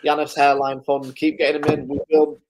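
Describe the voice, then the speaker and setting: This live-stream recap host speaks fairly high and fairly quick, with a darkish tone and a completely flat delivery. Still, he chats loosely, swears freely, and chuckles through his stories.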